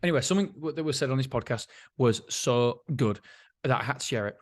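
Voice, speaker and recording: A man's voice: medium pitch, lively intonation, fast. A middle-aged man hosts his own podcast in a casual, rambling, self-mocking monologue, laughing often. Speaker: podcast host.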